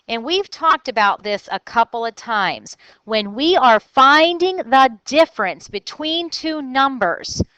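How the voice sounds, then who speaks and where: A woman teaches a recorded math lesson to children, walking through each step out loud in an upbeat way. Her voice sits fairly high and swings widely in pitch. It is smooth and clear, recorded dry and close. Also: no echo, rough recording. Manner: upbeat, thinks aloud step by step.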